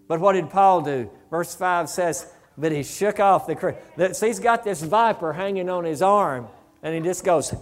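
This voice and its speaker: Male pastor, high-pitched, fervent sermon delivery with conversational asides. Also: normal speed. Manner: fervent, building to loud exclamations of praise.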